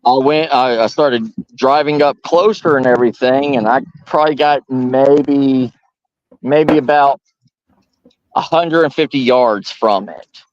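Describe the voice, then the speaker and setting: A young adult man from Georgia, telling a long story at a firepit in a halting, rambling way with many restarts. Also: medium pitch, lo-fi sound, slight background noise. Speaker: storyteller host. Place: outdoors by a firepit.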